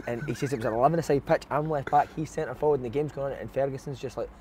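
A man who talks quickly, pushing guests along with questions. He swears in easy banter. His pitch is ordinary, and faint traffic murmurs in the background. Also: darkish tone. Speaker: podcast host. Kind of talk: casual chat.

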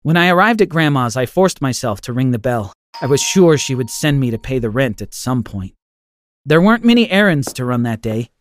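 A man narrating a scripted first-person story in an expressive, dramatic way. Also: medium pitch.

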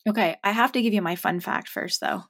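A middle-aged woman speaks as a guest on a parenting podcast, rambling warmly through anecdotes with many filler words. Her voice carries a gravelly, creaky texture. The sound is dry and close. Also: medium pitch, fairly quick, dry recording. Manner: chatty storyteller, heavy use of filler words. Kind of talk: casual interview chat.

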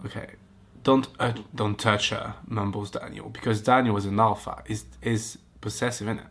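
A man's voice: lowish voice, fairly even intonation, moderate pace, fairly bright tone, breathy edge. A man hosting a podcast, reading a romance story aloud and breaking off into giggly, mocking comments. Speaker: podcast host. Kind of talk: comic reaction reading.

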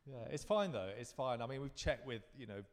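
A man's voice: mid-range voice, lively intonation, a little fast, big-room sound. A man in his fifties from London, a guest performer in a live interview, telling rambling, reflective stories with frequent restarts. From London, England.

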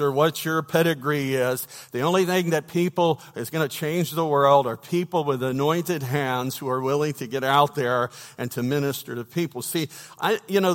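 A man's voice: fairly high pitch, a bit bright. A man preaching a sermon, telling a folksy story with humorous asides to his congregation. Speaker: pastor. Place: church sanctuary. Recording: long reverb of a church hall.

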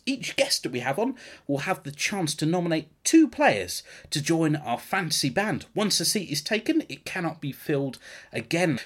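A man from England hosting a podcast, playfully teasing his guest with quickfire questions. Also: fairly high pitch, a bit bright, slightly rough. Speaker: podcast host. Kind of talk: casual interview hosting.

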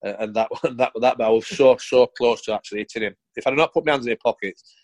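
A man's voice: mid-range voice, fast, a little mellow, dry recording, rough recording. A middle-aged man, a former footballer telling blunt, sweary stories in a casual interview. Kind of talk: casual anecdotal storytelling.

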